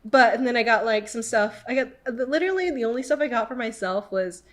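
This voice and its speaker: Chatty young woman, fairly high voice. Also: brisk. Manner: chatty, filler-heavy with many "like"s; animated when quoting people. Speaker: podcast host. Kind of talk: casual storytelling chat.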